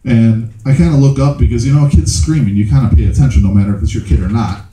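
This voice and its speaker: A man in his thirties doing stand-up storytelling, animated and laughing through his own tale in a small live venue. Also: medium pitch, fast talker. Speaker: storytelling comedian. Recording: echoey room with faint noise.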